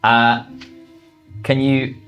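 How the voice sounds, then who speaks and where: Male game master, mid-pitched voice, casual and hesitant, lots of fillers and restarts. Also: little pitch movement, extremely slow, fairly bright tone, faint music behind. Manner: hesitant, lots of ums and restarts, laughs often. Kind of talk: running a tabletop game, casual chat.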